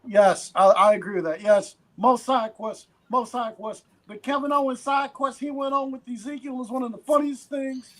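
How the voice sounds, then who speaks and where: A man's voice: very high-pitched, steady tone, moderate pace, hardly any pauses, a bit bright. A man co-hosting a wrestling podcast in casual chat, eagerly agreeing and repeating his points. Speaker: podcast co-host.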